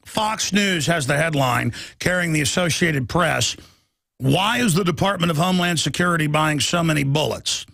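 A male radio talk show host giving an emphatic, mocking political monologue that rises toward shouting. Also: fairly high pitch, normal speed, creaky, no room sound, clean studio sound.

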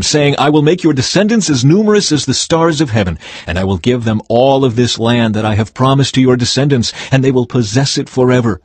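An older leader pleads and commands in an earnest, husky voice, as a man reads his lines. The sound is dry and close, read rather than acted. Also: medium pitch, no echo, voice pushed up.

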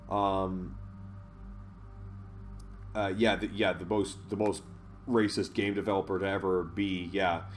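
Rambling, profane man playing a game. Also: lowish voice. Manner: rambling, swears and laughs often, reads menu text aloud. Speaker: let's play host. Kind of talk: casual gameplay commentary.

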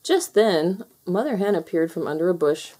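A woman reading a children's picture book aloud with gentle, expressive storytelling. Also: on the low side, normal speed, a little hiss or hum. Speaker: storybook reader.

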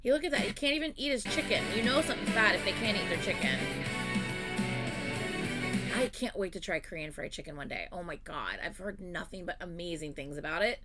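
A woman reacting to music videos in casual commentary, effusive and exclamatory, swinging from loud gushing to quiet murmurs. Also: lowish voice, animated, a little fast.

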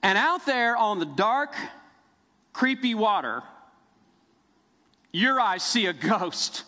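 A middle-aged man preaching a sermon, telling the story vividly with dramatic pauses. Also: high voice, big pitch swings, sharp tone, long reverb tail. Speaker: pastor. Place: church sanctuary.

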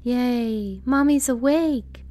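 A woman's voice: a little high, drawn-out words, warm tone, pitched above the performer's own voice. A woman voicing an eerie chorus of small lost children in a sing-song way, in a story reading.

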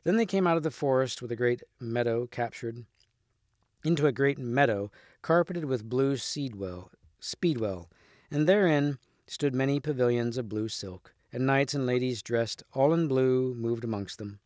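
A man, a teacher, reading a storybook chapter aloud at a clear, steady pace. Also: medium pitch, moderate pace, no echo, studio quality.

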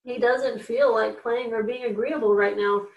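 A woman's voice: a little high, fairly even intonation, moderate pace, gravelly, distant mic. A woman doing an earnest young boy. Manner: earnest, gentle. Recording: echoey room, voice off-mic.

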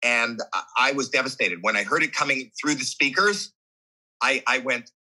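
A man's voice: mid-range voice, normal speed, husky, rough recording. A man guest on a podcast interview, telling a personal story with candid, earnest animation. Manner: animated, acts out his own and others' voices.

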